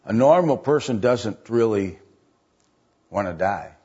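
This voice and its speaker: An older man preaching a sermon, building to high, emphatic passages on scripture. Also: animated, measured pace, warm tone, slightly rough, lo-fi sound.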